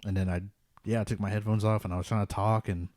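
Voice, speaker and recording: A man's voice: fairly low pitch, flat delivery, fast talker, darkish tone, no echo, studio quality. A man hosting a podcast, telling a personal ghost story in a casual, rambling way with many "like" fillers. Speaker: podcast host.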